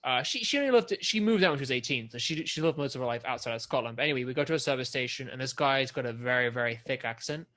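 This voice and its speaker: A man's voice: medium pitch, rapid-fire, hardly any pauses. A young man co-hosting a podcast, telling stories in casual chat with plenty of swearing. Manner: animated storyteller, swears casually. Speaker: podcast co-host.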